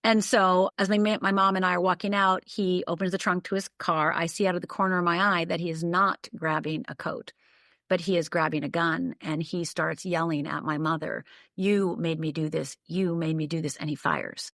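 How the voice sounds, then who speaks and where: Older woman, podcast guest, lowish voice, emphatic detailed storytelling, dry close sound. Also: level tone, moderate pace, fairly bright tone, dry recording. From Upper Michigan, USA. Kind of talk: personal storytelling in conversation.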